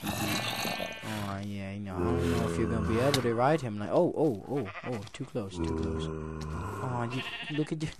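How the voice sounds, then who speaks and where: A young man giving casual commentary while he plays a video game. He goes from low muttering to loud, excited outbursts and then back to chatting. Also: very noisy. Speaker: gaming YouTuber.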